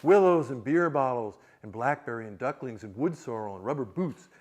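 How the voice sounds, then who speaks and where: A man reading aloud as a talking river, listing what flows through it in a slow, rolling way. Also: mid-range voice, lively intonation, darkish tone, close to an everyday voice. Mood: musing. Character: ancient talking river, calm and teeming.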